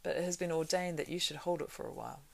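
A woman reading the part of a weathered, kingly ranger in a storybook, speaking with measured solemnity. The voice sits low and carries a heavy gravelly fry throughout. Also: darkish tone, exaggerated voice. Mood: earnest. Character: weathered grave male ranger, heir of kings.

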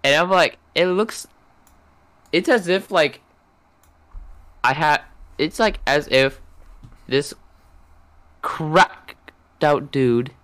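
A man's voice: on the high side, drawn-out words, pauses often, a bit bright, no room sound. A young man co-hosting a casual podcast, hesitant, often trailing off and restarting his sentences. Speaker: podcast co-host. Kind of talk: casual chat.

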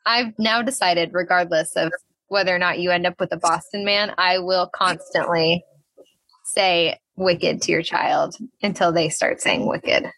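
A woman's voice: fairly low pitch, steady tone, measured pace, fairly bright tone, no room sound. A young woman co-hosting a podcast, chatting casually and animatedly about a reality show, laughing often and saying "like" a lot. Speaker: podcast co-host.

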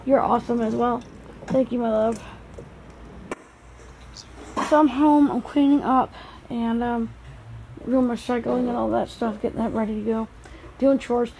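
A woman's voice: on the high side, fairly even intonation, a little slow, gravelly, long pauses, background noise. A mother talking casually to camera in a rambling daily vlog, moving between her car and her home. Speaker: vlogger, mother.

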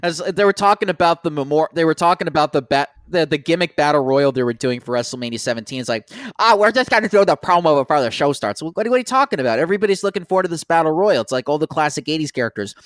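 A man's voice: fairly high pitch, expressive, racing, few pauses, no room sound, studio quality. A man ranting and cursing in casual podcast chat, acting out the people he quotes.

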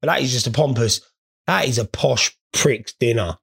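A man's voice: mid-range voice, moderate pace, gravelly, a bit bright, husky. A man in a crude, rambling comedic rant, swearing freely as he talks to his viewers. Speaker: vlogger. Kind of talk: casual comedic rant to camera.

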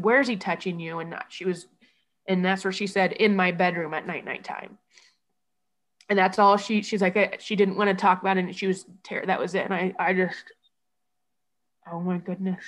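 A woman telling a painful personal story in an interview. She talks in halting bursts, with many restarts and quoted speech, and she sounds shaken. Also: medium pitch. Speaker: guest telling her story. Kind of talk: emotional personal account.

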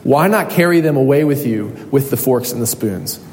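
A man's voice: medium pitch, expressive, lightly acted. A man reading as a solemn old bishop in an echoey hall. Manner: read aloud, gentle and measured. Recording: echoey hall, faint noise.

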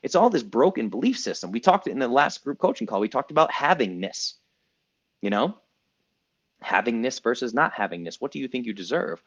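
A man's voice: medium pitch, very animated, brisk. A man in his thirties hosting a group coaching call, talking emphatically and casually, repeating himself for effect and swearing now and then. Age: 30s. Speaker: coach and podcast host.

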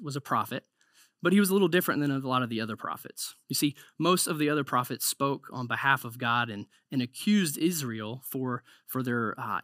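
A man's voice: mid-range voice, pushed and bright, no echo, studio quality. A man preaching a conversational sermon, often repeating words and saying "like".

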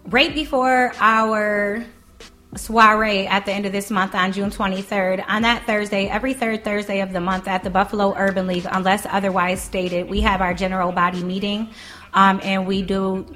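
Woman co-host, jokey and animated, mid-pitched, talks easily. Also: moderate pace, faint music behind. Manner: joking, animated. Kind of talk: casual podcast chat.

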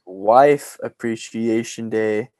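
A man's voice: lowish voice, slow pace, a little mellow, no room sound. A man hosting a podcast in casual chat, playful and joking with his co-host.

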